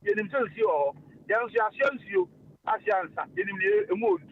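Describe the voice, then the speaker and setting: A high-voiced man chats on a radio stream, animated and loose, with plenty of filler sounds. The sound is dull and lo-fi. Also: normal speed, a little hiss or hum. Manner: animated, mixing languages, frequent fillers and laughs. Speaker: radio host. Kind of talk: casual radio talk.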